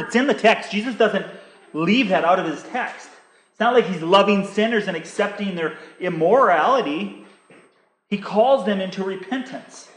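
High-voiced man preaching in an echoey hall. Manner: earnest, repetitive appeals with many restarts. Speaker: pastor. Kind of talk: sermon.

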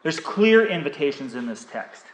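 A man's voice: fairly high pitch, big pitch swings, moderate pace, reverberant, slight background noise. A male pastor preaching a sermon, making earnest, repeated appeals to his listeners and often restarting his phrases.

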